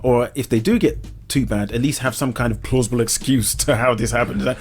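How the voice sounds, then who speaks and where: A man's voice: medium pitch, fairly even intonation, brisk, vocal fry. A man co-hosting a comedy podcast, joking in a playful, laughing way. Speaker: podcast co-host. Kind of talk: casual comedy chat.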